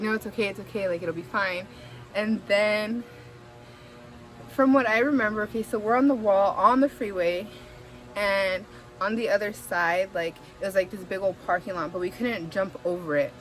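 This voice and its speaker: A woman's voice: medium pitch, normal speed, faint music behind. A young woman from the Bay Area telling a story in a casual, chatty way, full of fillers and swearing. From San Francisco Bay Area. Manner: chatty and animated, heavy "like" fillers, swears, laughs while telling.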